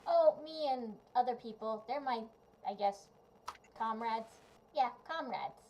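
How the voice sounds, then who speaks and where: A woman's voice: on the high side, unhurried, a little mellow, slight background noise. A woman voicing a cheerful, curious little girl summoner in a tabletop game, talking in a bubbly, chatty way. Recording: muffled lo-fi mic.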